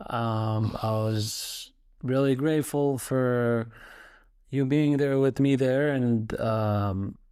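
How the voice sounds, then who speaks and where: A young man joins his wife's podcast as a guest and talks about his own experience. He speaks haltingly, restarting his sentences often, at a middle pitch. The sound is dry and close, with no room echo. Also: a little mellow, clean tone. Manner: hesitant, halting, many restarts. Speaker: guest, host's husband. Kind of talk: casual chat.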